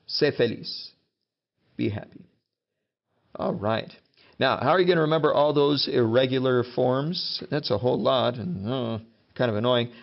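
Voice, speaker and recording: Gravelly-voiced joking male teacher. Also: medium pitch, highs cut off. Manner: chatty, joking, acts out example commands. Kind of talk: casual classroom lesson.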